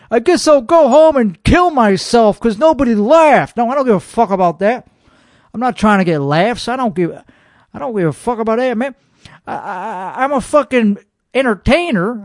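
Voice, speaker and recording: A young man vents on his podcast in a high, reedy voice. He is boastful and irritable, and he swears in almost every sentence. The sound is dry and close, with no room around it. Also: dry recording. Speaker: podcast host reacting to a show. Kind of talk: profane comedic rant.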